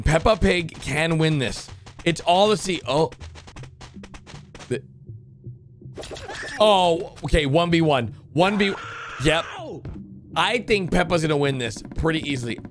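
Excitable man reacting over music. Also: a little high. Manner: excitable, blurts out reactions and cheers characters on. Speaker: reaction video host. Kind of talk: excited gameplay reaction commentary. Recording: animation audio and music playing behind.

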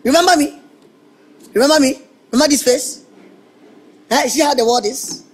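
A taunting Nigerian electrician. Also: male voice, very high-pitched, normal speed, rough recording. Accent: Nigerian English. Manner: mocking, indignant, stammering repetitions. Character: brash young male electrician, taunting and touchy. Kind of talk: film acting.

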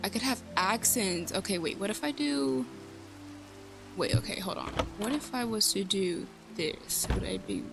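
A woman's voice: mid-range voice, big pitch swings, measured pace, gravelly, over music. A woman giving casual gameplay commentary, chatty and thinking aloud, joking at herself. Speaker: let's play host.

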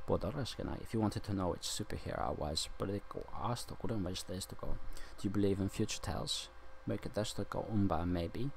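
A man's voice: deep voice, brisk, gravelly, few pauses, a little hiss or hum. A man talking in a rambling monologue that drifts between loose talk, nonsense syllables and chant-like sounds.

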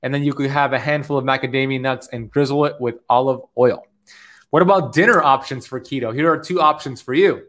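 A man's voice: medium pitch, brisk, fairly bright tone. Upbeat man giving motivational keto advice. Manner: upbeat, preachy, repeats "okay?". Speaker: keto diet coach. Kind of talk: motivational talk to camera.

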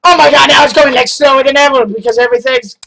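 A young man commenting on his own gameplay, loud and excitable with frequent yelling outbursts. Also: very high-pitched, fast, vocal fry. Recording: noisy home mic.

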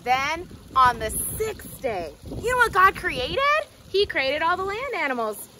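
A woman leading a children's Bible lesson, talking to the kids and a puppet dog in an animated way. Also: very high-pitched, a little slow, noisy background. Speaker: preschool Bible teacher.

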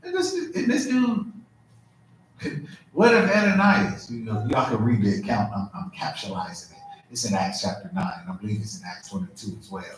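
A middle-aged male pastor preaching in a lively, conversational way with humor. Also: fairly low pitch, moderate pace, a little hiss or hum. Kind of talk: sermon. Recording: echoey church hall.

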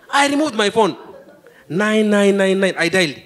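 A male stand-up comedian telling a story on stage, lively, with sudden exclamations. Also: sits high, normal speed. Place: live comedy show stage.

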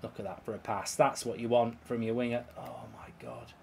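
A man commenting live on a football video game, swearing and reacting loudly to each play. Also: medium pitch, fairly even intonation, fairly quick, vocal fry, a little hiss or hum. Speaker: YouTube gaming host.

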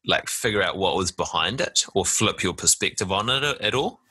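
A man hosting a podcast in a relaxed, casual way, laughing easily and swearing now and then. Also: low voice, brisk, husky, no echo. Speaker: podcast host. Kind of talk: casual conversation.

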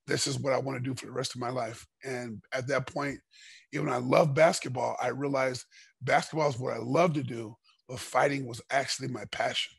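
A middle-aged man with a very raspy, gravelly voice tells his stories with animated energy, slipping into the voices of the people in them. The sound is dry and close, with no room around it. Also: medium pitch, fairly quick, dry recording. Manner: animated storyteller, acts out dialogue. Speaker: podcast guest, former fighter. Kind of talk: casual storytelling interview.

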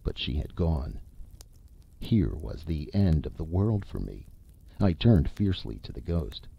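A man narrating a classic short story as an audiobook reader, with an expressive, measured delivery. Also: very deep voice, gravelly, slightly rough, muffled recording.

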